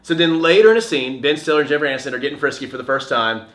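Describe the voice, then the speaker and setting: A man chatting casually as a podcast co-host, retelling film scenes with acted-out quotes. His voice is bright and forward. The room gives it a noticeable echo. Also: mid-range voice, very fast. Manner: animated storyteller, acts out quotes. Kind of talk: casual movie discussion. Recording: echoey room.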